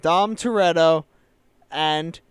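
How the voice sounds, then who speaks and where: A man co-hosting a podcast, casually retelling a film plot and slipping into quick quoted voices. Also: a little high, smooth, no room sound, clean studio sound. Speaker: podcast co-host recapping a film. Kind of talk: casual chat.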